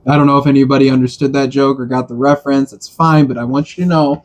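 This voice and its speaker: A man's voice: medium pitch, level tone, fast. A man co-hosting a podcast, talking bluntly in a joking, profane way. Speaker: podcast co-host. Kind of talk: casual chat.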